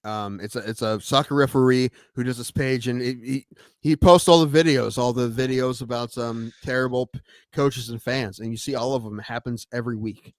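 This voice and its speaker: A man's voice: mid-range voice, steady tone, brisk, no room sound. Rambling man in a dry room. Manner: rambling, drops to mutters, swears freely. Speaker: podcast co-host, sports referee. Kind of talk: casual chat.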